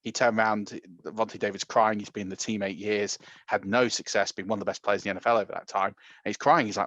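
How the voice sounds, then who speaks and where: Low-voiced man with a dull, dry sound. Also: no room sound. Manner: animated storytelling, quick runs of speech. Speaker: podcast co-host. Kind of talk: casual sports chat.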